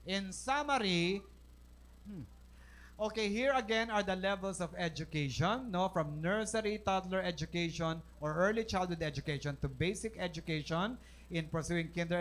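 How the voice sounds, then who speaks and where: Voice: medium pitch, fairly bright tone. A speaker with a Filipino accent giving a classroom lecture to students at a career seminar, mixing English and Tagalog and firing questions at the class before answering them. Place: school hall or classroom.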